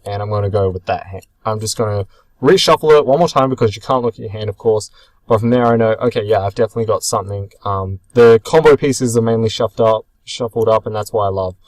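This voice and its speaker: A young man casually narrating his own card game match, chatty and rambling, often pausing to correct himself. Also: medium pitch, no room sound, rough recording. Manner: chatty, rambling, self-correcting with many ums. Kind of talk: casual commentary over match footage.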